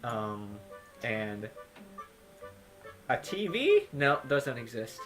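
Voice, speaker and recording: A man narrating a tabletop game as game master, relaxed and halting with fillers. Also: medium pitch, music in the background.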